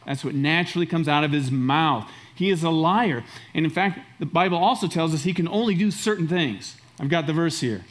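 Emphatic higher-voiced male pastor. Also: fairly quick, few pauses. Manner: emphatic, repeats phrases for stress. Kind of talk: sermon.

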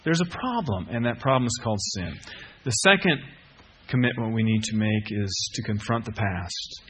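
A man's voice: fairly low pitch, lively intonation, moderate pace, fairly bright tone, husky. A middle-aged man preaching a sermon, earnest, repeating key phrases and putting questions to the listeners. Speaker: pastor.

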